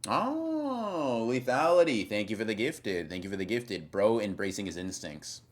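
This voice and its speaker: Deep-voiced young man teasing his chat. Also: normal speed. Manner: rambling, teasing, trails off with fillers and repeats. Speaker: streamer reading chat. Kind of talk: casual live-stream chat.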